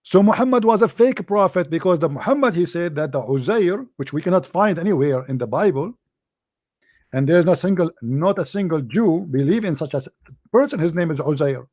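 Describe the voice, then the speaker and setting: A man's voice: a little high, animated, brisk, a little mellow, no echo, clean studio sound. A man giving a scornful, emphatic commentary monologue in non-native English phrasing, repeating phrases and laughing often. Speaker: online religious debater.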